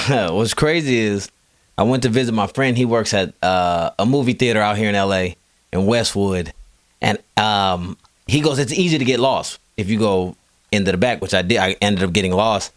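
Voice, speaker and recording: A man's voice: lowish voice, normal speed. Easygoing, laughing podcast co-host man. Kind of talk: casual chat.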